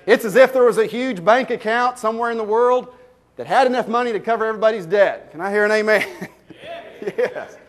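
Emphatic preacher man. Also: high voice. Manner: preaching with sudden loud bursts and slow emphatic drops; folksy storytelling, rhetorical questions to the congregation. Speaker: pastor. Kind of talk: sermon.

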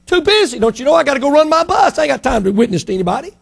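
A preacher acts out a hurried churchgoing man with a sharply raised, high voice, dismissive and impatient, tossing off excuses to his pastor with no time to spare. The pitch jumps well above his preaching voice. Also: sing-song, creaky, full character voice.

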